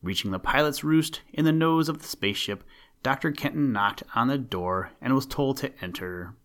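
A man reads a storybook aloud at a measured, even pace. His voice is mid-pitched and plain, with no strong coloring. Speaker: narrator. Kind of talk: storybook reading.

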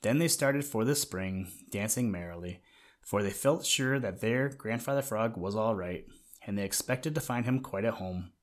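A man gently reading a children's animal story aloud in a measured way. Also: fairly low pitch. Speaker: narrator.

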